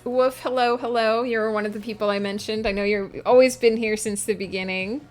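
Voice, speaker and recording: A writer streams from her home setup, chatting casually and earnestly with her viewers. She is reflective and addresses chat directly. Her voice is a little high and steady, her pace fairly quick, with faint music in the background.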